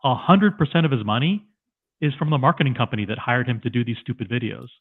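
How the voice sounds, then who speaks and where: A man joins a livestream over a tinny, phone-like line. His voice sits at a middle pitch, and he presses each point emphatically, circling back over his own words. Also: quick pace. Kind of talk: livestream chat. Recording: tinny phone-like call audio.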